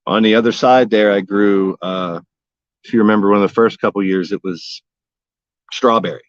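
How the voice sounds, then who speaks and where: On a casual livestream from his backyard garden, a man rambles folksily and cracks jokes using old sayings. His voice is on the low side, steady in tone, at normal speed. The sound is lo-fi, with no room sound.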